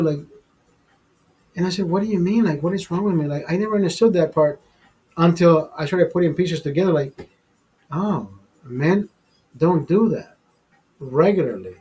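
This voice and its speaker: A man's voice: a little high, lively intonation, moderate pace, pauses often, darkish tone, slightly rough, rough recording. A man hosting a live stream, telling a personal story in a rambling, profane way full of fillers and restarts. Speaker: show host telling a story. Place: studio.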